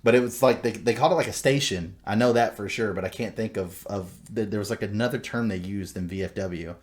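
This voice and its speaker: A man co-hosting a podcast in casual chat, a profane, rambling storyteller who shouts out quotes when retelling. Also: lowish voice, a little fast. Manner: loud acted quotes in retellings. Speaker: podcast co-host.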